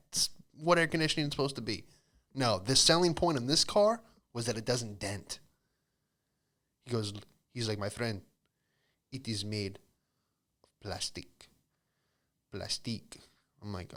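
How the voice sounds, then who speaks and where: A podcast host with a medium-pitched, slightly bright voice tells loose, rambling comedic stories. He swears often and keeps interrupting himself.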